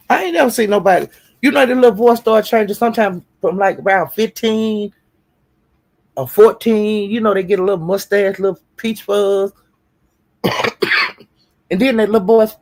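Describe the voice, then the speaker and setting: A man on a live stream who fires off profane taunts and stretches out his insults. His voice is gravelly and husky, and it sits a bit high for a man. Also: a little mellow. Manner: profane, taunting insults, slow drawn-out jabs. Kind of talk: heated live-stream rant.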